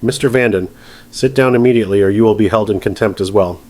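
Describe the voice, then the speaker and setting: A man voicing a stern judge who speaks in a calm, measured, precise way. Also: fairly low pitch, natural voice. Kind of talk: scripted narration.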